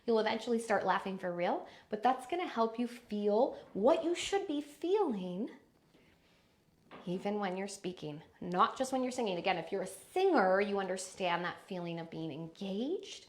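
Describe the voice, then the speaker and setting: A woman's voice: very animated, moderate pace. A woman teaching a live online lesson on speaking voice, demonstrating habits with exaggerated examples. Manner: demonstrative, shifts pitch and volume to show habits. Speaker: voice and speaking coach.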